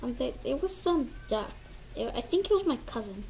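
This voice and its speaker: A woman voicing an excitable, touchy young male bird in a homemade toy skit, with a squeaky, whiny delivery. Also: moderate pace, slight background noise, rough recording. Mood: excited.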